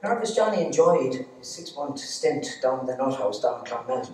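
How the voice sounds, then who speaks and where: A man's voice: mid-range voice, very animated, moderate pace, heavy background noise. A man with an Irish accent telling comic stories on stage in a cheeky, teasing way. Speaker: stand-up storyteller. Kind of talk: live comic storytelling. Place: arts centre stage. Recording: echoey hall, distant mic.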